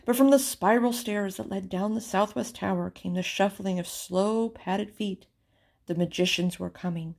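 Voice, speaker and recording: A woman reading a children's storybook aloud with expressive, theatrical narration. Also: medium pitch, moderate pace, vocal fry. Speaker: storybook reader.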